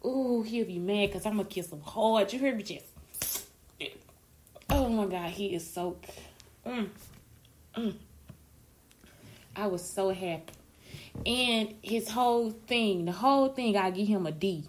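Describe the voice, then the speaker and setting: A young woman, gushing and ranting in casual talk to her viewers, swinging between shrieks and low murmurs. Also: measured pace, long pauses, a little hiss or hum. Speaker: vlogger.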